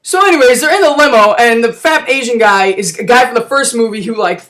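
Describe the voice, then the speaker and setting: A comic narrator rambles through a parody movie recap full of slang and fillers, voice at a mid pitch and set a little back from the mic. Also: brisk, a bit bright, far from the mic.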